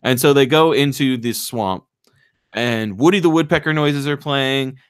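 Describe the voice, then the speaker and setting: A man hosting a casual podcast, rambling through a movie plot and briefly mimicking the characters in quick voices. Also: mid-range voice, clear, resonant tone, dry recording, clean studio sound. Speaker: podcast host.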